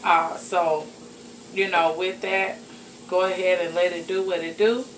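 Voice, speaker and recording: A woman's voice: lowish voice, steady tone, unhurried, poor audio. A woman hosting a cooking show, chatty and folksy as she talks viewers through a recipe in her home kitchen. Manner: folksy, chatty, addresses viewers as y'all and honey. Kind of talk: casual cooking demonstration. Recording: audible background noise.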